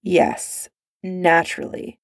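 A woman's voice: on the low side, completely flat delivery, slow pace, dry recording, clean studio sound. A woman doing a sullen, drunk young crown prince. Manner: gruff, snappish.

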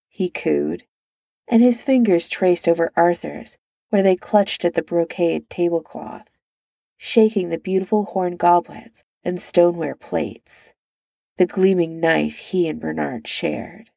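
A woman reads a story aloud at an unhurried pace, steady and even. Her voice is low in brightness and gravelly with fry. The recording is dry and close to the mic. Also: no room sound. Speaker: narrator. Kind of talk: reading fan fiction aloud.

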